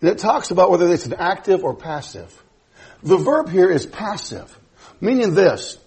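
A man with a high, husky voice preaches a teaching sermon. He keeps it folksy, breaks in with joking asides and then lands his points with emphasis. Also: big pitch swings, normal speed, darkish tone. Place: church.

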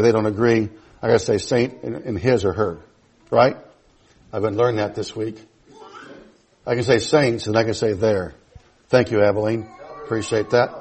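A man's voice: mid-range voice, darkish tone, slightly rough. A male preacher giving a teaching sermon in church, folksy and emphatic, with joking asides to the congregation.

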